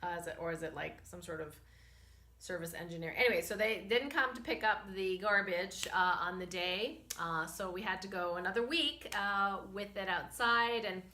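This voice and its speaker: Bright-voiced woman telling a lively story. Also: medium pitch, moderate pace. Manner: animated, chatty, many fillers, laughs often. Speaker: host and spiritual medicine practitioner. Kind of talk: casual storytelling. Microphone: camera she holds herself.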